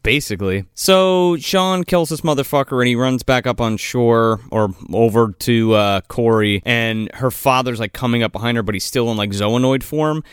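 A man on a casual film podcast, excitedly recapping scenes with lots of swearing. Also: medium pitch, normal speed, hardly any pauses, clear, resonant tone, dry recording, clean studio sound. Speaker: podcast co-host.

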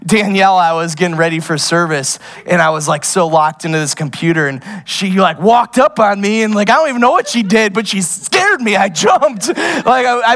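Young male pastor, high voice, lively sermon full of laughs and asides. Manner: animated, laughs often, goes off on tangents.

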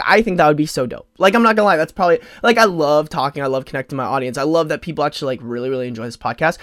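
A man in his twenties talks alone into a podcast microphone, his voice sitting a touch higher than most men's. He rambles, leans on "like" and restarts his sentences, sounding openly emotional. The recording is dry, with no room sound. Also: dry recording. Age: 20s. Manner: rambling, heavy use of "like" fillers, frequent restarts; emotional, openly close to tears at times. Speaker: podcast host. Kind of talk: solo podcast chat.

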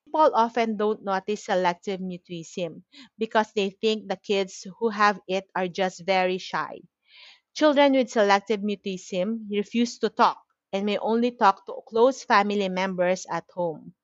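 A woman's voice: medium pitch, no echo, highs cut off. A woman with a Filipino accent gives an explanatory lecture on childhood anxiety. She switches between Tagalog and English and often checks in with "okay?".

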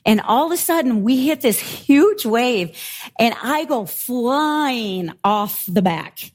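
High-voiced woman preaching a lively sermon. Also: slow. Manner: animated storytelling, laughing as she tells it. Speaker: pastor.

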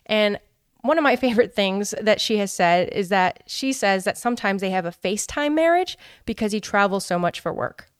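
A woman co-hosting a casual podcast, chatty and animated, slipping into voices when she quotes people. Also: mid-range voice, moderate pace, clear, resonant tone, dry recording, studio quality. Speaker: podcast co-host. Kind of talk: casual chat.

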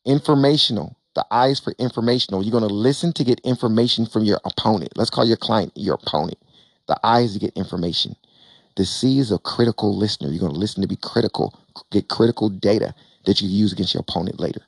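Emphatic man giving a lively stage talk. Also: fairly low pitch, fast talker, vocal fry, breathy edge, no room sound. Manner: emphatic and animated, with repeated phrases and acted-out dialogue. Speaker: real estate investor speaking on a panel. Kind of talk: motivational stage talk to an audience.

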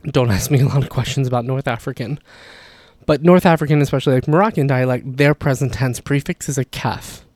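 A man's voice: medium pitch, brisk, no echo, studio quality. Chatty man explaining language points. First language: not Arabic. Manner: relaxed, chatty, frequent "like" and "you know" asides. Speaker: language teacher. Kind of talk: casual explanatory lesson.

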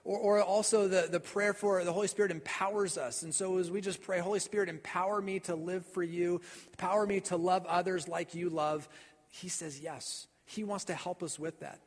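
A man delivers a sermon in a high, somewhat breathy voice. He speaks earnestly and often stumbles over and repeats his words. His voice rings out through a church hall with a long reverb. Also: steady tone, moderate pace. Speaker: pastor. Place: church sanctuary.

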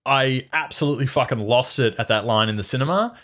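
A man co-hosting a casual film review podcast, animated, swearing and laughing as he mimics lines. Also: medium pitch, fast talker. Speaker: podcast co-host.

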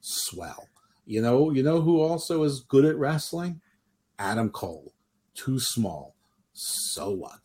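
A man's voice: mid-range voice, very animated, slow pace, darkish tone, husky. A man hosting a podcast in casual chat, opinionated and rambling, often restarting his sentences. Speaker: podcast host.

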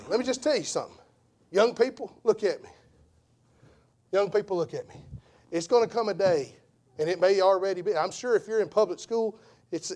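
A man preaching an impassioned sermon as an evangelist, repeating phrases for emphasis and swinging from hushed tones to shouts. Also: high voice.

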